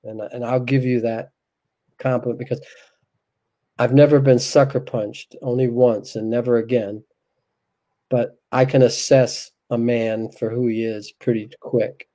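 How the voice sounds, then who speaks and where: A man with a mellow, rounded voice sits as a guest in an interview. He talks in a soft, reflective, unhurried way, sharing a heartfelt personal story. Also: medium pitch, flat delivery, poor audio.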